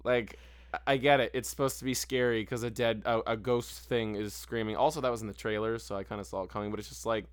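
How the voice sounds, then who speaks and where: A man co-hosting a podcast in casual chat, animated and swearing a lot. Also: fairly low pitch, quick pace, smooth, no echo. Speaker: podcast co-host.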